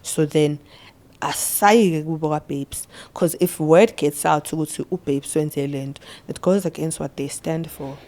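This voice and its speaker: Low-voiced South African woman, halting. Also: warm tone. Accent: South African, mixing isiZulu and English. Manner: halting, stammering repetitions; switches between English and isiZulu mid-sentence. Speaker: podcast guest. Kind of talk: personal storytelling interview.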